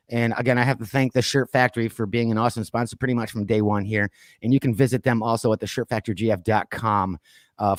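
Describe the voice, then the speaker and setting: A podcast host with a medium-pitched voice talks loosely about pop culture, reading off lists and using plenty of fillers. The recording is dry and studio quality, captured on a streamed call mic.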